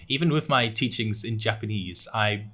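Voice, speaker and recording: A young man with a fairly low voice chats casually on an anime talk show. He recaps plot points in a loose, rambling way, full of "uh"s and restarts. He often chuckles at his own jokes. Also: normal speed, a bit bright. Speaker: podcast co-host recapping anime episodes. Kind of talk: casual chat.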